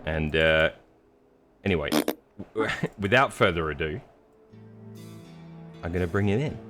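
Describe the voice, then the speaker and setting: A man's voice: low-pitched, lively intonation, a little slow, a bit bright, soft background music. A man commentating a sim race live, joking and teasing his co-host. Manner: jokey, playful teasing.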